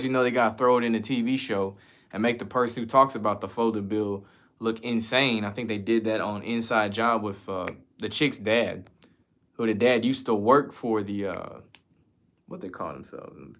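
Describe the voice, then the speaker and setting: A man's voice: lowish voice, normal speed, a bit bright. A man from the United States chatting casually as a streamer, answering viewer questions in a loose, slangy, profane way. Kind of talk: casual chat.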